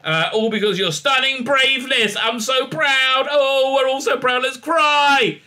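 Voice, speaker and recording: A man's voice: extremely high pitch, fairly even intonation, unhurried, pushed and bright, voice pushed up, full character voice. A man voicing a gushing, overly emotional male starship scientist in a mocking, syrupy way.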